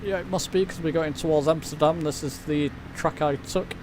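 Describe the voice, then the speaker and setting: A man's voice: a little high, fairly even intonation, normal speed, noisy background. A man chatting casually while streaming a flight simulator, rambling and reading chat aloud. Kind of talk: casual live-stream commentary.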